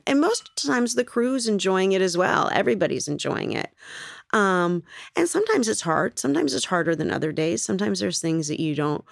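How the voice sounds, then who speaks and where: A low-voiced woman with a gravelly fry talks through an interview in a loose, rambling way. She laughs easily between thoughts. The sound is dry and close. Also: dry recording. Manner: chatty and rambling, laughs often. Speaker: actress being interviewed. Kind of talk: casual interview answers.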